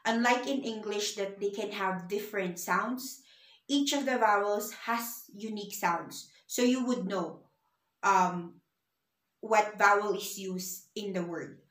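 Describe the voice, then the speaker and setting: A woman's voice: medium pitch, slow, fairly bright tone, echoey room. A woman teaching a beginner language lesson, patient and repeating words for the learner to say back.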